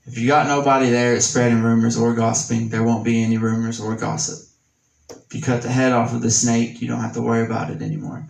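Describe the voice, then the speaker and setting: Southern man, Sunday school teacher, folksy and plain-spoken; even delivery, reverberant church room. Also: medium pitch, vocal fry, recorded from a distance. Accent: Southern American. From Tennessee. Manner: casual, folksy explaining with homespun examples; reads scripture slowly and deliberately. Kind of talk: Bible teaching. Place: church classroom.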